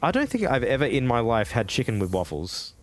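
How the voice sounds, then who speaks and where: A man's voice: mid-range voice, huge pitch swings, brisk, a little hiss or hum. An Australian man streaming a game, chatting casually with viewers, rambling, laughing often and swearing freely. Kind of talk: casual live-stream chat while gaming.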